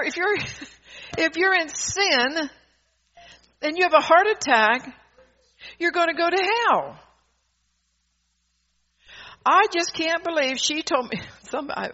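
A woman's voice: a little high, sharp tone. A woman preacher giving a fervent, emphatic sermon, often laughing mid-sentence and restarting her sentences. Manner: rambling with frequent restarts. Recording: dull lo-fi recording.

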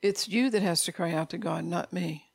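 Middle-aged preacher with a rough, fry-laden voice, informal sermon, repetitive and scolding. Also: medium pitch, moderate pace, dry recording.

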